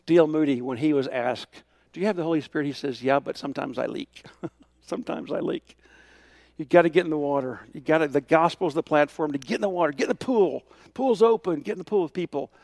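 A middle-aged man preaches with a drawl, his voice carrying a gravelly rasp. He tells stories with lively quoted dialogue, dropping to quiet asides and then pressing a point with emphasis. The sound is dry and close, with no room around it. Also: a little high, fast, no echo. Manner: storytelling with quoted dialogue, shifting from hushed to emphatic. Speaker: pastor. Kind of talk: sermon.

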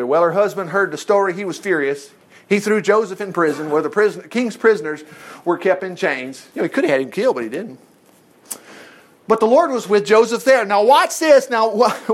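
A man's voice: high voice, expressive, brisk. A man teaching a Bible study, reading scripture aloud and breaking in with folksy exclamations and rhetorical questions.

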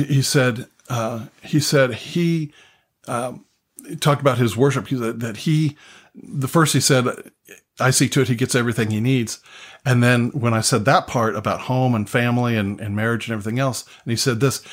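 An older man preaching, recounting a personal story in earnest, with frequent restarts and repeated phrases. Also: medium pitch. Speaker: pastor. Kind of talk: sermon storytelling.

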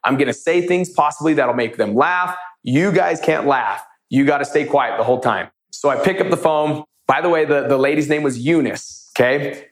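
A man's voice: medium pitch, echoey room. A man teaching real estate wholesaling, telling stories from his calls in an upbeat, casual way. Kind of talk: storytelling teaching talk.

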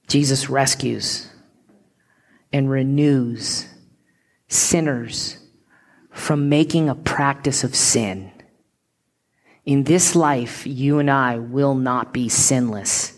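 A woman pastor delivers a sermon with earnest emphasis, slowing down on key words and at times sinking into a hushed whisper. Her pitch is extremely low.

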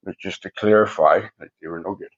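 Speaking fast in a deep voice on a lo-fi recording, a podcast guest rambles through casual stories. He swears heavily and keeps tagging his sentences with "right?".

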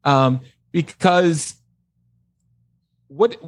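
A man, a sex therapist, talking casually and explaining things in a measured way, often restarting his sentences. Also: fairly high pitch, lively intonation, dry recording, studio quality. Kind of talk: casual podcast conversation.

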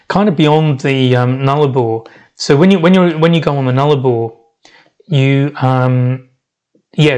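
A middle-aged man recounting a long solo journey on his podcast. His delivery wanders and doubles back, circling his thoughts in an unhurried, reflective way. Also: medium pitch, darkish tone. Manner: rambling, reflective, many restarts. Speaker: podcast host. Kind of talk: reflective travel storytelling podcast.

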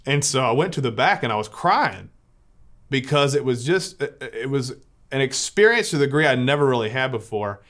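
A Catholic priest earnestly shares a personal story with listeners, frequently restarting as he hunts for words. His medium-pitched voice is lively in intonation and fairly bright, at a moderate pace.

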